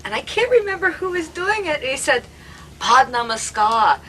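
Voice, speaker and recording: High, lively woman, noisy recording. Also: brisk. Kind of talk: casual reminiscing among friends.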